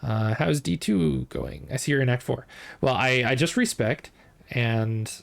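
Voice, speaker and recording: A man streams a game and chats easily with his viewers, his voice sitting at an ordinary pitch with a gravelly edge. His tone is relaxed and unhurried, a casual running commentary as he plays. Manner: laid-back, chatting with viewers while playing.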